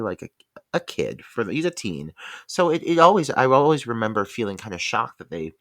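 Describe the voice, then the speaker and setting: A man's voice: medium pitch, big pitch swings, a little fast, fairly bright tone, no echo, clean studio sound. A man co-hosting a horror movie podcast, talking casually and animatedly, full of fillers and swearing. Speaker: podcast co-host.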